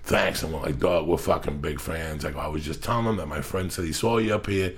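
A man with a very low, gravelly voice hosts a loose podcast chat. He swears freely and acts out the people in his stories. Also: a little fast. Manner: profane storyteller, acts out quotes. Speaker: podcast host. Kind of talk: casual chat. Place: Los Angeles area.

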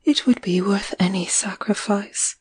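A woman's voice: sits high, animated, takes it slowly, darkish tone, pitched above the performer's own voice. Woman voicing a dreamy, whispering young lover. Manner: breathy, half-whispered, pleading.

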